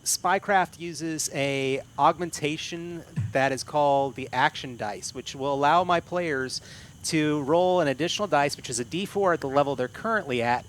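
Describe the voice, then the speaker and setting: A man's voice: on the high side, slight background noise. A man running a tabletop spy game as game master, describing the scene at length with many fillers.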